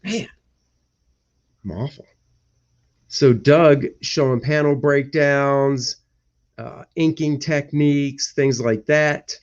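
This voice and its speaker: Slow-talking man rambling on a live stream. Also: medium pitch. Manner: rambling, grumbles and mutters to himself. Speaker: cartoonist hosting a live stream. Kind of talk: casual live-stream chat, thinking aloud. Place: indoor home room. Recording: dull lo-fi stream audio.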